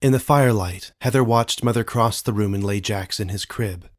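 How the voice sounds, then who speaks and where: Low-voiced man reading an audiobook. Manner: calm, measured storytelling. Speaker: audiobook narrator. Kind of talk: scripted narration.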